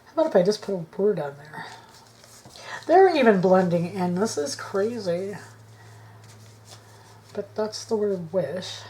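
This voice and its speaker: A woman vlogging her craft work to camera on a tripod, thinking aloud, indecisive, often dropping into soft mutters. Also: mid-range voice, expressive, unhurried, long pauses. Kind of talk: casual crafting chat to camera.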